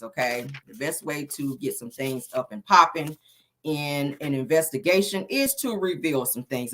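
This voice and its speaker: A woman's voice: low-pitched, fairly bright tone. A woman hosting a casual celebrity gossip show, talking in a sassy, blunt way and speaking straight to her viewers. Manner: sassy and blunt, addresses the audience as "honey" and "y'all". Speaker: host.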